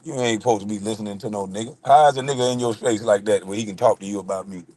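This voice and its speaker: A man's voice: fairly low pitch, racing, darkish tone. A man on a live stream, ranting casually with lots of cursing, laughing and mocking impressions of other people. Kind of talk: profane ranting monologue.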